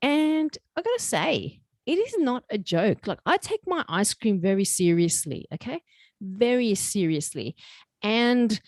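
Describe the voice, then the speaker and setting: A woman's voice: mid-range voice, a little mellow, dry recording. Jokey, chatty woman podcaster. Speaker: podcast host. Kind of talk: casual solo podcast talk.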